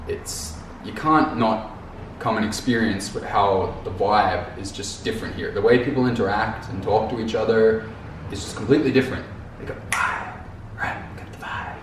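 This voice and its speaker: A man with a lowish voice vlogs in a rambling, casual way, repeating words and slipping in slang. The mic is distant, he's off mic, and the room is very echoey with faint noise.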